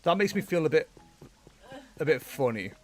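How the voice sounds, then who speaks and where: A man with a fairly high voice streams a game at a moderate pace, chatting casually and animatedly. He talks both to his viewers and to the game's characters, laughing often in this relaxed livestream banter.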